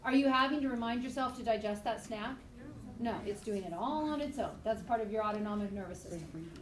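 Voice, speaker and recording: A woman teaching a high school biology class, chatty and lively, acting out examples for her students. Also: brisk. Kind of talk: classroom lecture. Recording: echoey classroom from far off, noisy.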